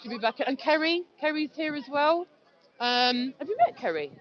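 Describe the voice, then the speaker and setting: A woman's voice: sits high, normal speed, noisy background. A woman chatting outdoors into a handheld phone, effusive and casually swearing. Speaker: vlogger filming at a public speaking spot. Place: busy outdoor public park. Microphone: handheld phone camera. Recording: dull lo-fi phone audio, loud crowd.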